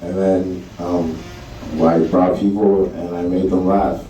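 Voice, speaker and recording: Animated young man telling a comic story. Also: low-pitched, slow, recorded from a distance, a little hiss or hum. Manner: laughing, acts out voices, swears freely. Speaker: comedian guest. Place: live show venue. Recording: roomy live room with chattering crowd from afar.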